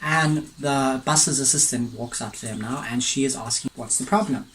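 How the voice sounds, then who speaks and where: A man's voice: medium pitch, normal speed, fairly bright tone, a little hiss or hum, poor audio. A man casually telling a story between bites of food at home, rambling and drifting into side notes. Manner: rambling, digressive, chatty; eats and tastes food between sentences. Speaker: mukbang vlogger. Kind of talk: casual storytelling while eating.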